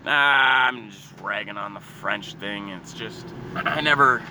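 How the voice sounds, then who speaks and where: A young man ranting profanely and sarcastically, jumping from loud outbursts to low muttering. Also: a little slow, background noise. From Canada. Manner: swears constantly, sarcastic, swings between shouting and muttering. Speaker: hockey fan ranting. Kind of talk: profane casual rant.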